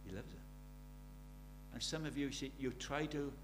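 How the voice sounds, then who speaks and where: A middle-aged man preaching a sermon. He drops to near-whispers and then rises to loud, urgent questions. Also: medium pitch, expressive, moderate pace, noisy background. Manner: swings from hushed intimacy to loud urgent questions.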